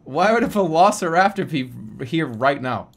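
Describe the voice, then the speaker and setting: An excitable man streaming a video game, talking over his play with frequent bursts of laughter. His voice is high for a man and swings up and down a lot. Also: normal speed, gravelly. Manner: excitable, laughs often, animated exclamations. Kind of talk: live gaming commentary.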